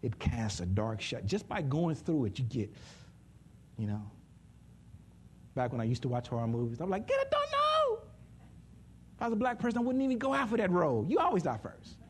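A man preaching a sermon in an animated way, jumping from loud high bursts to hushed asides, with speech. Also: fairly quick, slight background noise.

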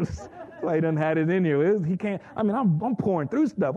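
A man giving an excitable testimony in church, laughing often and repeating his words as he tells the story. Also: fairly high pitch, quick pace, highs cut off.

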